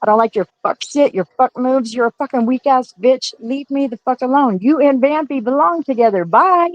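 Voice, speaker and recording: A woman's voice: high-pitched, moderate pace, no echo, muffled recording. A woman hosting a livestream, scolding her chat in a profane, confrontational rant. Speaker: livestream host.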